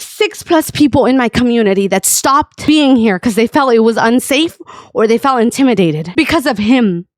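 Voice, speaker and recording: A woman's voice: on the high side, no echo, clean studio sound. A woman streamer venting to her chat in a blunt, profane, emotional rant. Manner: emotional, tearful at times. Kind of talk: emotional ranting vlog.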